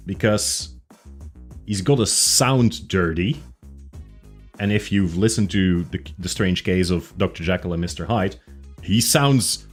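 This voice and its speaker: A man's voice: on the low side, breathy edge. A man streaming a casual chat with his viewers, rambling through tangents with many fillers and restarts. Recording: faint music behind.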